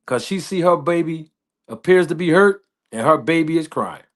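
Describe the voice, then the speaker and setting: A man telling a story slowly and deliberately, repeating phrases as he builds it up. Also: a little high, expressive. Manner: slow, deliberate, repetitive storytelling with laughs. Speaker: podcast host. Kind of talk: slow storytelling.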